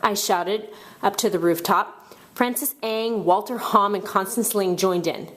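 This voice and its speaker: A woman narrating a children's book aloud with expressive storytelling. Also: mid-range voice, moderate pace. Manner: expressive storytelling, shouting out characters' cries.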